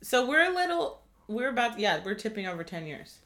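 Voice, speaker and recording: A woman's voice: on the high side, very animated, brisk, a bit bright. A woman in her twenties co-hosting a casual chat, candid and chatty, laughing easily. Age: 20s. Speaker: podcast co-host.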